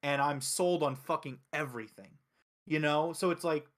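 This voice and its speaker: A man from Philadelphia with a slightly high voice, reviewing wrestling in a loose, unscripted chat. He talks with eager, emphatic energy and swears freely, repeating his points for stress. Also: moderate pace. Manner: excited, profane, emphatic. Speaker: host.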